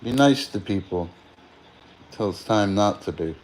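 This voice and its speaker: A man's voice: fairly low pitch, animated, normal speed. A tired man hosting a livestream, chatting casually and drifting between topics, with slang and free swearing. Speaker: livestream host. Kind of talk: casual rambling chat.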